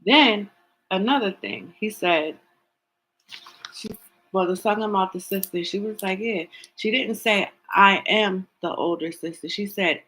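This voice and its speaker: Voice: medium pitch, measured pace, bright, forceful tone, slight background noise, rough recording. A tarot reader giving an opinionated commentary, talking emphatically, repeating words for stress and asking pointed rhetorical questions.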